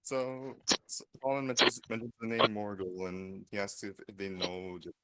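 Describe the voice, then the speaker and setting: A man's voice: fairly low pitch, little pitch movement, moderate pace, background noise. A man playing in a tabletop game, easygoing and reassuring as he recounts his character's actions. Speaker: player. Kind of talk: casual tabletop chat.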